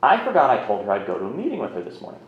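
A man's voice: lowish voice, huge pitch swings, rapid-fire. A man in his thirties telling his own recovery story in a candid, rambling, self-mocking way. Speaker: speaker sharing a recovery story. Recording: roomy, slightly muffled recording.

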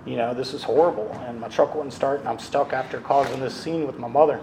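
A young man tells his story at a recovery meeting, halting and earnest, filling the gaps with ums and uhs. His voice sits at an ordinary pitch. The room is echoey with a faint hum of noise behind him. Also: steady tone. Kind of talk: personal testimony at a recovery meeting.

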